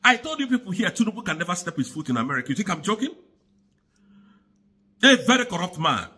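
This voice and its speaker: A man delivers heated political commentary in a high, husky voice that swings widely in pitch. He sounds angry and pleading, and he repeats himself for emphasis. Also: very animated, quick pace, sharp tone.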